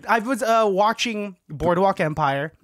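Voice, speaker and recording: A young man co-hosting a casual podcast, his voice sitting high for a man. He laughs a lot and slips into goofy voices. The sound is close and dry. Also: animated, unhurried, a bit bright, dry recording. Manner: laughs often, tries silly voices. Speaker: podcast co-host. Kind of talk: casual chat.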